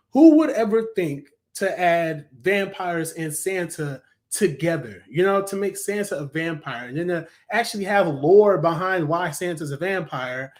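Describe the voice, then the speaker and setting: A man with a high-pitched voice chats through a casual cartoon review. He rambles enthusiastically, often pausing with ums and restarting his sentences.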